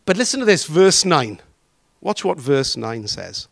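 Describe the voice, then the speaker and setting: A man's voice: high-pitched, creaky. A man preaching a sermon, drawing out key words and throwing questions to the congregation. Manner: animated, drawn-out emphatic phrasing with questions to the congregation.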